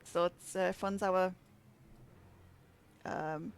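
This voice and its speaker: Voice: medium pitch, fairly even intonation, extremely slow, smooth. A streamer chatting hesitantly during a charity game stream. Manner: hesitant, laughs often. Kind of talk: casual chat on a game stream. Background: game music.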